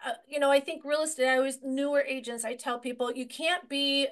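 Energetic rambling woman realtor. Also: high-pitched, brisk. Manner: energetic and rambling, many restarts. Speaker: real estate agent, guest. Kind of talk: conversational storytelling interview.

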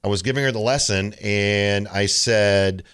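A man's voice: on the low side, measured pace, smooth. A middle-aged man hosting a tennis coaching podcast, talking casually and telling stories with mimicked quotes. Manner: relaxed storytelling with mimicked quotes. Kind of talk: casual solo podcast talk.

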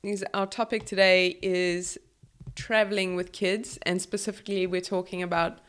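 A woman's voice: lowish voice, little pitch movement, normal speed, a bit bright, clean tone. A woman co-hosting a podcast, chatting casually with playful, giggly banter. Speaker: podcast co-host.

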